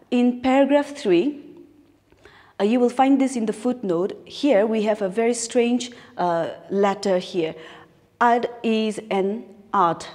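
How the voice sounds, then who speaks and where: Indian English teacher in echoey hall. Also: female voice, mid-range voice, warm tone. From Nagaland, India. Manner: explains slowly, repeats phrases, asks rhetorical questions. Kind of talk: recorded classroom lesson. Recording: long hall-like reverb.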